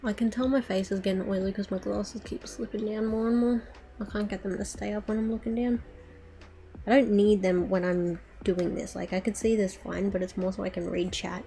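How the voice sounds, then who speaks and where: A woman's voice: medium pitch, fairly even intonation, brisk, gravelly, dark tone, a little hiss or hum. A woman streamer chatting casually to her viewers while she crafts, muttering to herself with playful baby-talk words.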